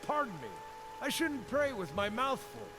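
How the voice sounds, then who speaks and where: A man's voice: very high-pitched, animated, moderate pace, creaky, sharp tone, a little hiss or hum, heavily acted. An actor playing a small, eccentric male Orlan druid in a game, speaking with jovial, relishing good cheer about odd things. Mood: friendly. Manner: jovial, relishing, playfully macabre. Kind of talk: game character dialogue. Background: game music.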